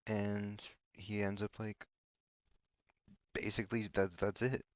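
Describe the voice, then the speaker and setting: A man's voice: on the low side, level tone, takes it slowly. A man hosting a podcast in a rambling comedic monologue, hesitant and full of fillers and restarts. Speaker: podcast host. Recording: dull lo-fi dry recording.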